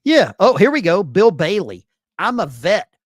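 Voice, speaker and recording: A man's voice: high voice, sing-song, unhurried, dry recording, clean studio sound. A man hosting a casual live stream, reading chat messages aloud with bursts of enthusiasm. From Arkansas.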